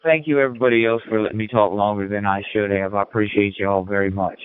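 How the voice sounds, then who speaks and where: A folksy man talking over a ham radio link, rambling from one thought to the next and restarting his sentences. His voice is smooth and clear but comes through narrow and tinny. It sounds close and dry, with no room around it. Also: lowish voice, fairly even intonation, fast talker, no room sound. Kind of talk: casual radio chat.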